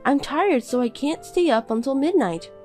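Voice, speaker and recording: A woman's voice: high-pitched, animated, normal speed, a little mellow, soft background music, pitched above the performer's own voice. Defensive tired housewife, raised voice of a woman reader, pleading. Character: tired, hurt young housewife. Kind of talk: reading a text-message story.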